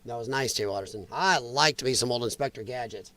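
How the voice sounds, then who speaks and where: A man's voice: mid-range voice, fairly quick, a crowd in the background. A man hosting a political commentary livestream, ranting with strong opinions and reacting to viewer chat. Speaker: host.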